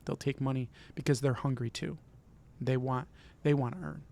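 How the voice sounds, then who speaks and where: A man's voice: mid-range voice, fairly even intonation, normal speed, creaky, darkish tone. A middle-aged man from Michigan hosting his own vlog, giving an earnest, encouraging motivational talk and often repeating himself. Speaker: vlog host.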